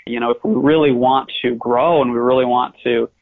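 American man, gravelly, earnest and measured, phone-quality audio. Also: mid-range voice, fairly even intonation. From United States. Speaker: guest author. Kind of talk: conversational interview. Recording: tinny phone-line audio.

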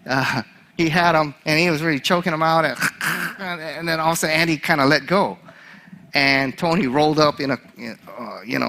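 A male chaplain preaching a sermon, an animated storyteller who laughs at his own story. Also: on the high side.

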